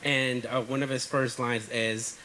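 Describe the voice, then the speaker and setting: A young man tells a set story in a relaxed, filler-laden way. His voice is bright and forward, at a middle pitch. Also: unhurried, slight background noise, low-quality recording. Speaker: filmmaker, guest. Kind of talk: casual storytelling interview.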